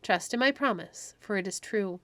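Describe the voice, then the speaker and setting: A woman's voice: medium pitch, lively intonation, moderate pace, pushed and bright, dry recording. Hope, a woman doing a sweet little fairy. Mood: gentle. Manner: sweet, arch, coaxing. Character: cheerful tiny winged female fairy, Hope. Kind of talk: storybook read-aloud.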